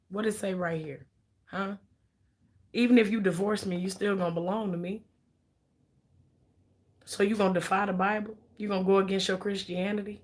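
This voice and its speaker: A woman voicing a grown husband who talks in a low, calm, coaxing way and guilt-trips his wife. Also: lightly acted. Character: soft-spoken manipulative grown husband. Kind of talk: mocking impression in commentary.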